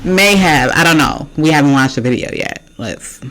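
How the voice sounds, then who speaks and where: Reaction host, loud and animated, laughs a lot, swears, speaks straight to camera. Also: mid-range voice, moderate pace, poor audio.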